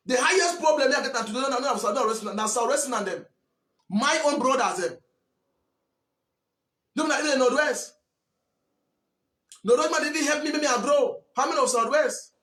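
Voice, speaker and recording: A man's voice: very high-pitched, normal speed, long pauses, a bit bright, roomy sound. A man from Southwest Cameroon with a Cameroonian Pidgin English accent, scolding and repeating himself in an impassioned monologue. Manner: preachy, repetitive, scolding. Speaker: commentator.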